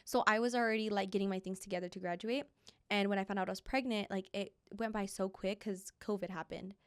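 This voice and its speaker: A woman's voice: mid-range voice, fairly even intonation, quick pace, clean tone, no echo, clean studio sound. A young woman, a podcast guest, chatting casually and telling personal stories, acting out what others said. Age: young adult. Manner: chatty storytelling, acts out quoted voices. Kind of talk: casual chat.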